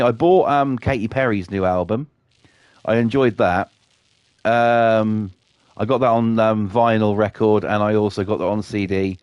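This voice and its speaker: A man's voice: fairly low pitch, clean tone, dry recording. A British man chatting casually on his live stream, rambling and swearing a lot.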